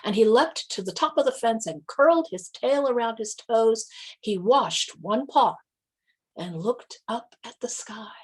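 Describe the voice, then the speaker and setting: A woman reading a children's animal story aloud during a church service, expressive and animated. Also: on the high side, unhurried, breathy edge.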